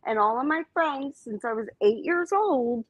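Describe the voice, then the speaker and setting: A woman's voice: sits high, lively intonation, a little slow, no room sound, highs cut off. A woman, a co-host telling gossip dramatically in a casual live-stream chat.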